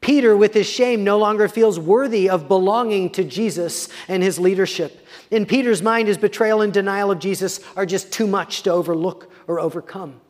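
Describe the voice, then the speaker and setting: Guy pastor preaching in a big echoey church, kinda high voice, takes his time. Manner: reads scripture slowly, quiet dramatic pauses. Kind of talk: sermon.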